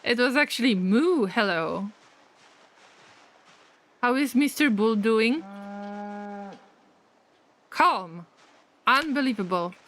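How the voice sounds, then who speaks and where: A woman's voice: a little high, animated, slow pace, long pauses, fairly bright tone. A woman streaming a survival game in casual chat, reacting aloud, laughing often and mooing at the cows. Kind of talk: casual live-stream commentary.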